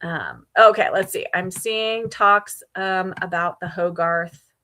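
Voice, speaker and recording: A woman's voice: on the low side, steady tone, takes it slowly, pushed and bright. A woman hosting a casual livestream readalong, chatting with viewers and sprinkling her talk with ums and little laughs. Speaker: book streamer hosting a readalong.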